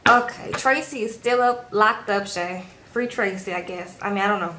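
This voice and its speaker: A woman's voice: mid-range voice, moderate pace, pushed and bright, slight background noise, low-quality recording. A woman vlogger recapping a reality show in a chatty, filler-heavy way, talking straight to her viewers from a room at home. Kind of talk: casual TV recap.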